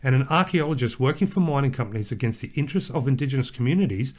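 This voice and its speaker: A man's voice: medium pitch, expressive, very fast. An Australian man co-hosting a podcast, chatting casually and rambling with fillers and restarts. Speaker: podcast co-host. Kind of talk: casual chat.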